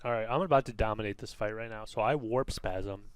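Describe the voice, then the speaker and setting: A man co-hosting a comedy podcast, boastfully play-acting a quick fighter in an improvised scene. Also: on the low side, a loud crowd. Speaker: podcast co-host. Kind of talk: comic improvised role-play.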